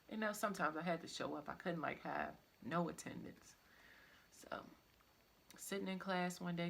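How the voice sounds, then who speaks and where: Young woman rambling through her own story, low voice with lots of vocal fry. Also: slight background noise. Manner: casual, rambling, full of "like" and "I'm like" asides. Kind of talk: personal storytelling to camera.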